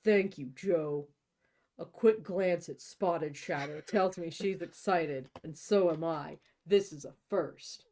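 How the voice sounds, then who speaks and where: A woman host reading a novel aloud in a deadpan way, breaking off for jokey asides. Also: on the low side, slow, hardly any pauses. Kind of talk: comic read-aloud of a novel.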